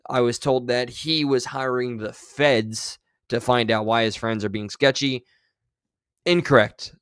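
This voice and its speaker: A man's voice: medium pitch, fairly even intonation, measured pace, fairly bright tone, clear, resonant tone, dry recording. Sarcastic man with a dry, close voice. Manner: sarcastic, rambling. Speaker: streamer reacting to clips. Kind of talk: casual reaction commentary.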